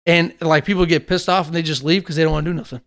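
A man with a slightly high voice tells long stories in casual chat, swearing often and getting worked up as he goes. He talks in an animated, loose way. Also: racing. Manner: animated storyteller, swears freely.

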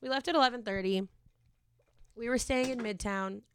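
A woman's voice: a little high, moderate pace, a bit bright, slight background noise. A young woman in her twenties telling a long, rambling story in casual chat, swearing freely and acting out quotes.

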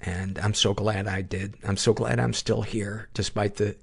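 A man hosting a podcast, reading listener surveys aloud and responding in a warm, reflective, chatty way. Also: fairly low pitch, level tone, measured pace, vocal fry, breathy edge. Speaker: podcast host.

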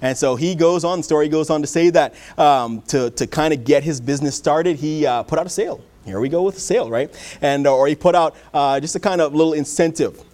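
A man's voice: a little high, fairly quick, darkish tone. A male pastor preaching a sermon in a church, telling folksy stories with many fillers.

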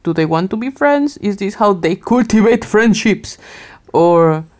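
A woman co-hosts a podcast in relaxed, casual conversation. Her voice sits in an ordinary middle range. She rambles through thoughts with fillers and breaks into laughter often. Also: medium pitch, unhurried. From outside Germany. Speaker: podcast co-host. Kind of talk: casual chat.

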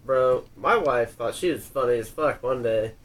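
A man's voice: medium pitch, normal speed. A man chatting casually, blunt and profane as he tells a story. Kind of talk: casual chat.

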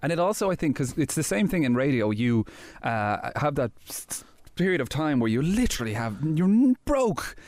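A man's voice: on the high side, very animated, normal speed, few pauses, darkish tone. A man hosting a podcast, asking questions in an encouraging, chatty way. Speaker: podcast host. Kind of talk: casual interview.

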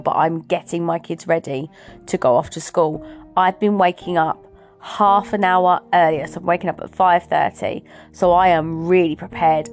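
A middle-aged woman talking earnestly and encouragingly as host of a motivational talk. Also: fairly low pitch. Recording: soft music behind.

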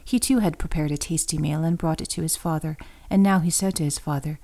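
A woman reading scripture aloud as scripted narration, steady and even. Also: deep voice, a little fast, gravelly, hardly any pauses. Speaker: scripture reader.

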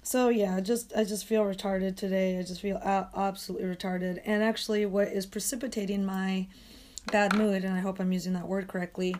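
A woman rants in a hoarse, sandpapery voice, swearing constantly as she vents. Her talk is exasperated and restless, with sudden flare-ups into loud, sharp complaint. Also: medium pitch, slight background noise. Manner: profane, ranting, exasperated. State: hoarse, strained voice. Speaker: dog walker and coach. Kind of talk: angry venting monologue.

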